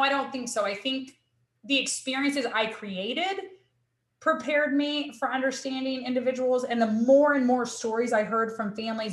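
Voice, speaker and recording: Guest spot: earnest female academic, a bit high-voiced, roomy echo on the recording. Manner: earnest, emotional, with many restarts. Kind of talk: candid personal storytelling.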